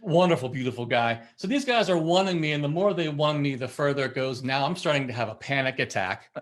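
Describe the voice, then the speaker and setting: Animated storytelling man. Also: fairly high pitch, fast talker. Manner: acts out quoted voices, laughs while telling. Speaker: podcast guest, musician.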